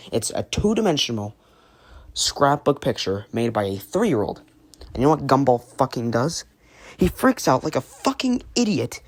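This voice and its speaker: A woman's voice: lowish voice, darkish tone, breathy edge. A woman giving a rambling, profane review, ranting angrily with many fillers. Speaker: cartoon reviewer. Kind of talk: ranting commentary.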